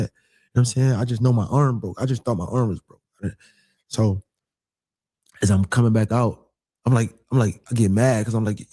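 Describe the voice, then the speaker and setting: A man casually telling a personal story, animated and repeating phrases as he acts out what people said. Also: mid-range voice, a little fast, husky, no echo.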